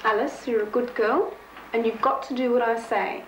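Woman voicing an insistent, doting mother, high voice, echoey room, background noise. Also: fairly even intonation, moderate pace, recorded from a distance, lightly acted. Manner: insistent, repetitive pleading. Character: pushy, doting mother urging her grown daughter.

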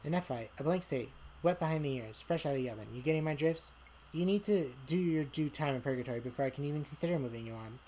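A woman's voice: deep voice, fast talker, mellow, a little hiss or hum, lightly acted. A woman voicing a smug, teasing male devil who rules hell, in a visual novel playthrough. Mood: mocking. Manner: teasing, sarcastic.

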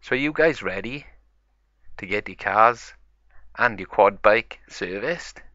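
Cheerful little girl pig, voiced by a man, eager, upbeat, raised pitch, toy play story. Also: very animated, slow pace, bright, forceful tone, dry recording, dull audio, full character voice. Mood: excited.

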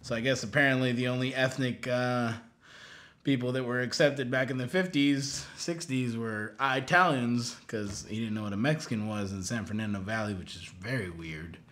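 A man's voice: mid-range voice, moderate pace, a bit bright. A man doing a crude, rambling, profane comic retelling of a film. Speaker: comedian.

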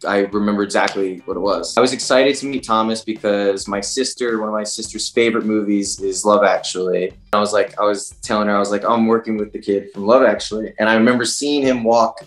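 A man's voice: fairly low pitch, steady tone, fast talker, hardly any pauses. A young man, an actor, chatting casually in an interview and rambling with lots of fillers. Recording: roomy with faint music.

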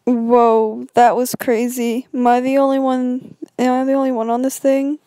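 A woman's voice: high-pitched, little pitch movement, normal speed, mellow, faint music behind, low-quality recording. A woman doing a playful, jokey fan dub of cartoon object characters. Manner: playful, switching voices, jokey.

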